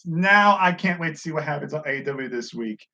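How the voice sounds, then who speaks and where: Man, high voice, excitable, swears freely, acts out quotes, wrestling review chat, dull lo-fi sound. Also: a little fast. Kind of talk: casual profane commentary.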